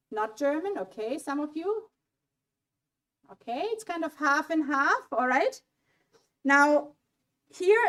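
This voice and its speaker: A woman with a bright, high-pitched voice leads a playful quiz for an audience gathered in a small auditorium. She speaks into a handheld mic, coaxing people to pick answers and keeping the room engaged. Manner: lively, coaxing, quizzes the audience. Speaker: German language speaker at a college event. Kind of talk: interactive audience quiz talk. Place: auditorium mini hall.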